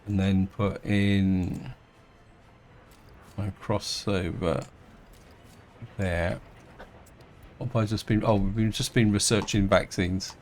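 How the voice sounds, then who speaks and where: A man's voice: fairly low pitch, steady tone, slow, pauses often, darkish tone, slight background noise. A middle-aged man casually commenting on his gameplay, thinking aloud with hesitant restarts and fillers. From England. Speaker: game let's-player.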